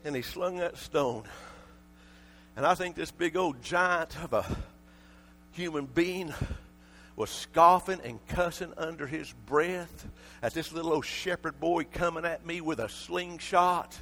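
Preacher swinging from shouts to hushes. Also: male voice, a little high, measured pace. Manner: swings from shouting to soft, intimate asides. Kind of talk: sermon.

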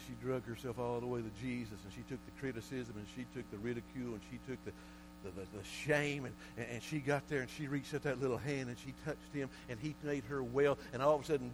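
A male preacher delivering a sermon, swinging from quiet, low passages to loud shouted calls and often repeating words. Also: steady tone, quick pace, few pauses. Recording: mains hum under the voice.

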